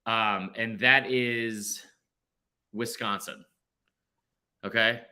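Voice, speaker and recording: Guy in his 30s hosting a sports podcast, super bright voice, rambly and joking. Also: fairly low pitch, very slow. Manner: rambling, self-deprecating, animated. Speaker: podcast host. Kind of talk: casual sports chat.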